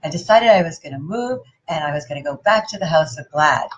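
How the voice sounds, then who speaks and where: A woman giving a playful, animated motivational talk and putting questions to her audience. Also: low voice, fast talker, dull audio. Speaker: motivational speaker.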